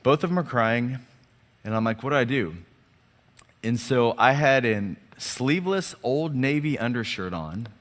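A man preaching a sermon as a lively storyteller who acts out the dialogue and often restarts and repeats his words. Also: mid-range voice, measured pace. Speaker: pastor. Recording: long hall reverb.

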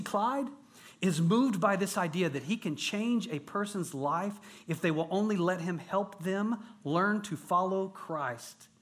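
High-voiced, earnest male pastor preaching. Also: a bit bright. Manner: earnest, emphatic preaching with rising intensity and repetition. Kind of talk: sermon to a men's gathering.

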